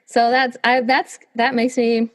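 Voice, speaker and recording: A woman in her thirties hosts a casual podcast interview, voice a little high. She is eager and affirming. She often laughs along with her guest. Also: level tone, a little slow, heavy background noise. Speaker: podcast host.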